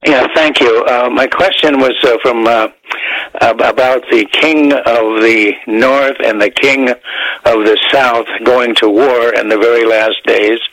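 A man's voice: mid-range voice, fairly even intonation, measured pace, fairly bright tone, dry recording, low-quality recording. Hesitant male caller with a Bible question. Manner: hesitant, many "uh" fillers and restarts.

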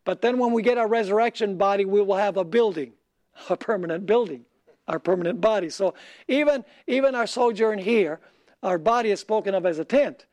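High-voiced preacher quizzing his congregation. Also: a little mellow. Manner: asks the audience questions and pauses for them to answer; reads scripture slowly. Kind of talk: sermon.

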